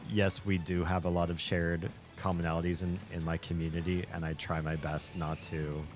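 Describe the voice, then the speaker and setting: A man's voice: sits low, level tone, moderate pace, faint music behind. A male streamer hosting a casual chat while gaming, rambling thoughtfully and laughing often. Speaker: streamer and host.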